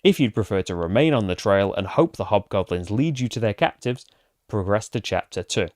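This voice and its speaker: Man, board game playthrough host, casual rambling explanation, middle pitch, dry close sound. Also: darkish tone, no room sound. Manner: casual, rambling, many fillers and restarts. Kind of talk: solo board game playthrough with read-aloud story.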